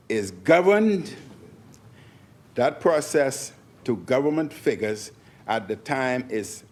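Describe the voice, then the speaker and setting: A man giving a parliamentary speech, stressing points by repeating phrases. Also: mid-range voice. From Bahamas. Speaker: member of parliament. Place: parliament chamber.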